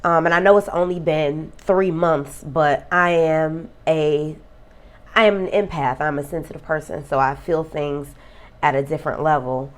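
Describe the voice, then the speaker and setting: Speaking at a moderate pace with a deep voice and fairly even intonation, a woman vlogger reflects on a friend's death. She's earnest and emotional, close to crying throughout this personal talk.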